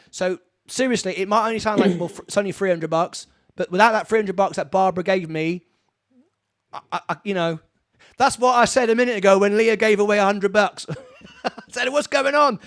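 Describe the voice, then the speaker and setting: A man hosting a live-streamed charity fundraiser from his studio, rambling excitedly and laughing often. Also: high-pitched, brisk. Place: home studio.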